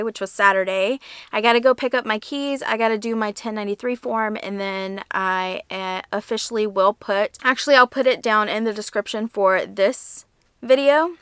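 Young woman, crochet vlogger, casual chat, gushing, teary, smooth voice, dry close sound. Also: mid-range voice, fairly bright tone, no echo. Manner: chatty, gushing, lots of fillers. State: teary, emotional.

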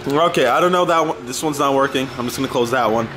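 A man's voice: medium pitch, quick pace, bright, forceful tone, a little hiss or hum. A young man vlogging casually at home, joking and swearing with friends while filming on a handheld camera. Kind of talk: casual vlog chat. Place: house, indoors.

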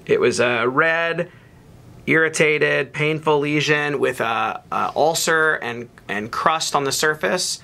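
A man, a pathologist, talking through microscope slides in a relaxed teaching tone with ums and restarts. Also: on the high side, slow pace, vocal fry. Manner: relaxed explaining with fillers and restarts. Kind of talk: narrated microscope slide lecture.

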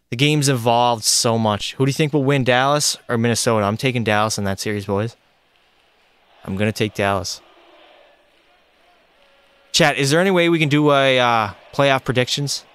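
A young male streamer calls his hockey game live, excitable and chatty as he talks to his chat and his virtual teammates. His voice is smooth and clear at an ordinary pitch. It sits close and dry on the mic with no room around it. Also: no room sound. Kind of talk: live gameplay commentary.

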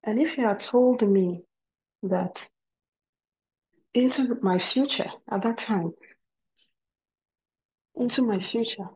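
A woman's voice: on the high side, takes it slowly, pauses often, a little mellow, dull audio. A middle-aged woman sharing a Christian testimony and teaching wives, in an earnest tone, often repeating words for emphasis. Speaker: guest speaker at a women's ministry program.

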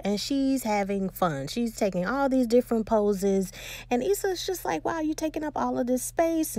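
A woman's voice: medium pitch, no room sound. Woman recapping a show, dry sound. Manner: animated retelling with quoted dialogue. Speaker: TV episode recapper. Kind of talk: casual recap storytelling.

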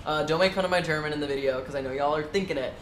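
A man's voice: on the high side, rapid-fire, a bit bright, reverberant, slight background noise. A man with an American accent, co-hosting a casual vlog in a playful, giggly, theatrical way. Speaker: vlog co-host. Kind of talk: casual chat.

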